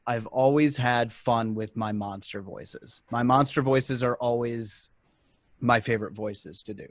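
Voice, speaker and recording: A man's voice: mid-range voice, fairly even intonation, a little slow, no room sound. Enthusiastic man on a dry close mic. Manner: enthusiastic, emphatic. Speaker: podcast co-host. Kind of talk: casual chat among game masters.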